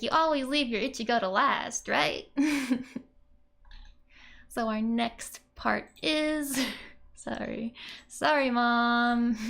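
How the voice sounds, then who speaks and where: With a fairly high, creaky, somewhat bright voice, a woman gives an informal language lesson as screen narration. She keeps it chatty and giggly, breaking into laughter often while explaining.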